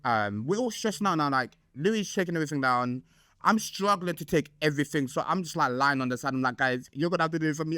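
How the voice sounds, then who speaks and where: Animated young man telling his birthday story. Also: fairly high pitch, fast, no room sound. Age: 20s. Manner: chatty, dramatic, gossipy, full of fillers and laughs. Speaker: vlog host. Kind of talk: casual storytime vlog.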